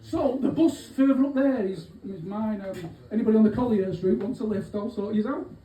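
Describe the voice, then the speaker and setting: A man's voice: high-pitched, brisk, warm tone, close to an everyday voice. Man doing a cheeky crook. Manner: rambling, cheeky, swearing, lots of asides. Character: aging small-time male Manchester thief, cheeky. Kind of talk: live stand-up character monologue. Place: pub gig venue. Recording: echoey room, distant mic, faint hubbub.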